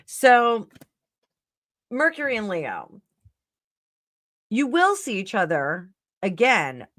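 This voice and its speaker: A woman's voice: medium pitch, pushed and bright, no room sound. A middle-aged woman hosting a live tarot stream, chatting casually and rambling with fillers and self-corrections.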